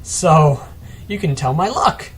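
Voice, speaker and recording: A man's voice: on the high side, moderate pace, breathy edge. A man giving casual commentary on a strategy game replay, rambling and self-mocking with chatty asides, still a bit sick. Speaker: gameplay commentator.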